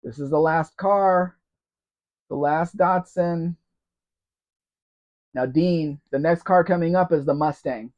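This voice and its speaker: A man's voice: on the high side, takes it slowly, pauses often. Chatty man hosting a live Q&A. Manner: chatty and rambling, addressing viewers by name. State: sore throat. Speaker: live Q&A host. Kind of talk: casual live-stream chat, reading viewer comments. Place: at home in a room. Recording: dull lo-fi stream audio.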